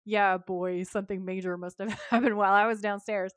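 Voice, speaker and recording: Animated woman recapping with quick voice shifts. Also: mid-range voice, clear, resonant tone, no echo, studio quality. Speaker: podcast co-host. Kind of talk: casual recap chat, acting out scenes.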